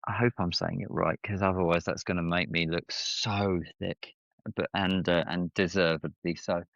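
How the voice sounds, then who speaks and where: A man, a podcast guest, chatting casually and telling lively stories with playful swings in his voice. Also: moderate pace, gravelly, dry recording. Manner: animated storyteller, playful swings in pitch. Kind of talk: casual chat. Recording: slightly muffled, dry sound.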